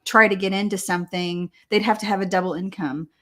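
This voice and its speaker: A woman's voice: mid-range voice, steady tone, a bit bright. Rambling, laughing Texan woman guest. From Texas. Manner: rambling, laughs easily, halting restarts. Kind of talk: casual chat.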